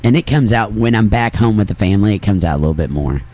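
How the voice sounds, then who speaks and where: A man's voice: lowish voice, expressive, fast, a little mellow. Blunt man with slight Kentucky country accent. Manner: blunt, chatty, laughs often. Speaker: radio interview host and musician. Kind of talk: casual interview chat.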